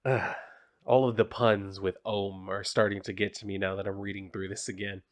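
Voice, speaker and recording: A man's voice: fairly low pitch, level tone, moderate pace. A man casually talking through a comic book page by page, rambling with lots of fillers and blunt personal asides. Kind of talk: casual comic review vlog.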